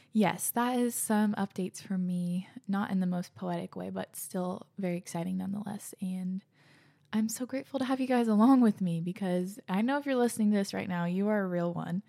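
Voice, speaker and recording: A young woman hosts a podcast, sounding out of breath as she chats in a bubbly, slangy way and reads listener letters aloud. Her voice is lowish and gravelly, and she often slips into soft near-whispers.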